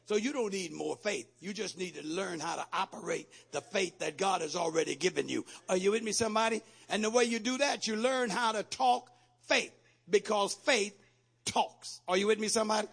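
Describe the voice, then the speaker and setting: A man preaching a sermon as pastor, calling out to the congregation and building from quiet teaching to shouted exhortation. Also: high-pitched, creaky, breathy edge. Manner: call-and-response preaching, rising to shouts.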